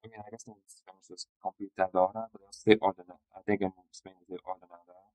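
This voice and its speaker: A man's voice: low voice, little pitch movement, fast, a little mellow. A man thinking aloud during a study stream, muttering and correcting himself as he works through a quiz, tired and yawning.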